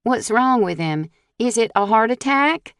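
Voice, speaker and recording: A woman's voice: a little high, lively intonation, measured pace, no echo, studio quality, voice pushed up. Woman voicing a panicky coughing wife. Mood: alarmed.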